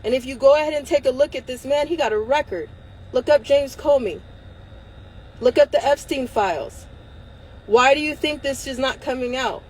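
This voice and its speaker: Woman, high voice, angry emphatic livestream rant, phone mic, swearing. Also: normal speed, darkish tone, slight background noise, poor audio. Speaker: livestream host.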